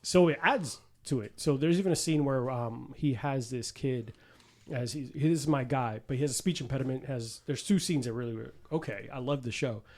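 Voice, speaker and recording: A man hosting a casual podcast chat, retelling film and show scenes with lots of swearing and quick impressions. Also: mid-range voice. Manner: animated storyteller, swearing, acting out film scenes. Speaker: podcast host.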